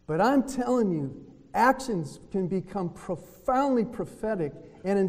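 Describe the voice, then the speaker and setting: A man giving a retreat talk in a preaching style, telling lively stories and acting out what other people said. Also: high voice, measured pace. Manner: lively storytelling that acts out other people's words. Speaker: retreat speaker. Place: hotel conference room. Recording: long reverb of a hotel meeting hall.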